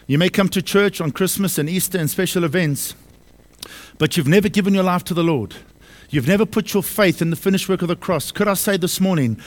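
Male pastor, slightly raised pitch, emphatic sermon delivery with repeated lines and rhetorical questions. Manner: emphatic, repeats key phrases and asks the congregation questions. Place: church service.

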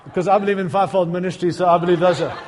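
A man's voice: high-pitched, steady tone, very fast, big-room sound, a little hiss or hum. A middle-aged male pastor preaching a sermon, mixing humorous, self-deprecating stories with fervent appeals to the congregation.

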